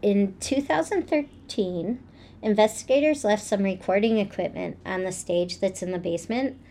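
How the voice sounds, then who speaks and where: A woman's voice: medium pitch, normal speed, gravelly. Casual storytelling woman, faint background hiss. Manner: relaxed, tells stories with fillers. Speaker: podcast co-host.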